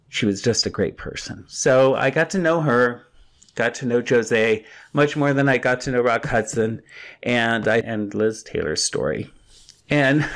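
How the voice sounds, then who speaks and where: An older man hosting a podcast, telling his own stories in a chatty, rambling, gossipy way. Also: medium pitch. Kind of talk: casual storytelling monologue.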